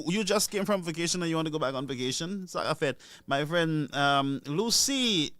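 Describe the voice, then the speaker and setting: A man's voice: on the high side, animated, moderate pace, few pauses, fairly bright tone, dry recording, clean studio sound. A man hosting a call-in radio show, joking and greeting listeners by name. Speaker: radio call-in host and pastor. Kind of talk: casual call-in radio chat.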